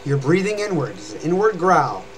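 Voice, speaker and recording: A young man with a fairly high, sing-song voice talks at normal speed during a casual live-stream vocal lesson. He rambles and demonstrates while chatting about how to scream and growl. Heavy background noise fills the clip.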